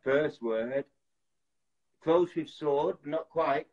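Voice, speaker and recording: Taking his time, a man with a fairly high but darkish-toned voice hosts a laid-back Instagram live. He acts out movie titles and voices viewers' guesses as they pour in, recorded through a phone with lo-fi sound.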